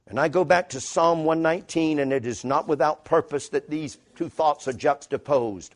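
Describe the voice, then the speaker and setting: A man preaching a sermon to a congregation in a church, emphatic, moving from quiet reflection to loud declarations. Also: on the high side, normal speed, few pauses.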